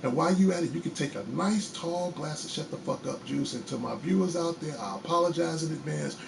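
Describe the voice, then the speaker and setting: Chicago-raised male host with a raspy, fry-laced voice, delivering a defiant, profane live rant from his bedroom. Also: a little high, a little fast, background noise. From Chicago, USA. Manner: angry, defiant, profane, repeats himself. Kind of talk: heated livestream rant.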